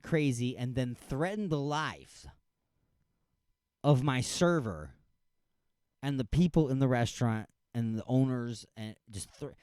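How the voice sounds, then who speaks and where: A man's voice: mid-range voice, a little mellow, no room sound, clean studio sound. A man hosting a talk radio show, ranting sarcastically and comedically, often repeating that he is just saying.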